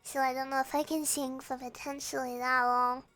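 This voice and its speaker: A young woman streaming, with a hoarse, croaky voice, chatting hesitantly and reading viewer messages aloud. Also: high voice, flat delivery, fairly bright tone, soft background music. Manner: slow, hesitant, reads chat aloud and answers. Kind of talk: casual chat with viewers.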